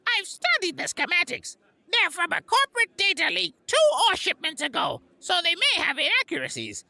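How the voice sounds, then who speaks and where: A fretful, squeaky little alien creature in a sci-fi storybook. The voice sits extremely high and jumps wildly in pitch, with a gravelly crackle and a piercing, bright edge. It is recorded dry and close. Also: male voice, huge pitch swings, normal speed, no room sound, full character voice. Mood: protesting. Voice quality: squeaky, creaky. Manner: fretful, protesting. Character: small skittish male alien creature, nervous tech slicer.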